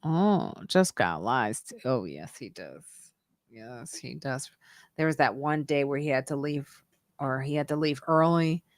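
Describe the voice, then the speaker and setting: A woman's voice: deep voice, dry recording, clean studio sound. A woman hosting a live-stream podcast, chatting casually and joking, laughing often. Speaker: podcast host.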